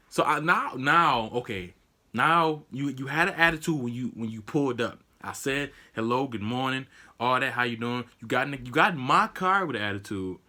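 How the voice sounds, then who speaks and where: A young man vlogger telling a story casually, acting out the people in it with sudden high outbursts. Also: fairly quick, slight background noise. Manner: animated, acts out quotes with sudden high-pitched outbursts.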